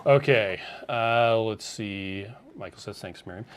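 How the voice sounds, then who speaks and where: A man's voice: fairly low pitch, measured pace, smooth. A man co-hosting a casual live stream, reading out and answering viewer questions. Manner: relaxed, reads viewer questions aloud.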